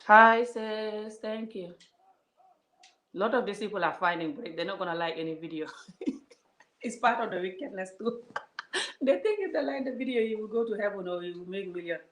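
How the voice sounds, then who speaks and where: A woman's voice: mid-range voice, animated, normal speed, long pauses, a bit bright. Woman vlogging, gets heated and scolds her viewers, sounds kinda echoey. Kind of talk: casual vlog rant to viewers. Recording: roomy echo.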